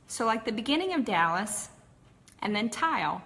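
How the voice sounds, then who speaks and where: A woman's voice: fairly high pitch, sing-song, normal speed, sharp tone. A woman from Texas with a Texas accent, telling her personal story in a candid, chatty way with frequent fillers. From Texas, USA. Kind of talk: casual personal story talk.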